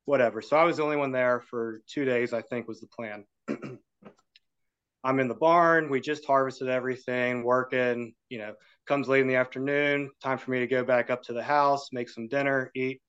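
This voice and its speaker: A man's voice: mid-range voice, moderate pace, clean tone, lo-fi sound. Man telling a story on a podcast. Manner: animated, acts out the voices in his story. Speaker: podcast guest. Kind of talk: casual storytelling.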